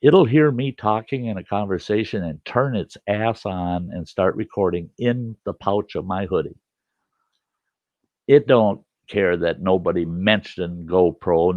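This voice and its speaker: Gravelly older man telling a campfire story. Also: deep voice, no echo. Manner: animated, acts out yelling at his camera. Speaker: storyteller host. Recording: dull, slightly lo-fi and dry.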